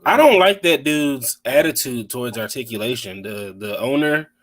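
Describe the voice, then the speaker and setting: A man's voice: mid-range voice, lively intonation, normal speed, a bit bright. A man in casual chat as a podcast co-host, blunt and opinionated, swearing freely.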